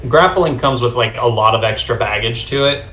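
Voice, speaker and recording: A man runs a tabletop game over a video call, describing scenes in a halting way full of fillers. His mid-range voice sounds roomy, with faint music playing underneath. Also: mid-range voice, fairly bright tone. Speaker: game master.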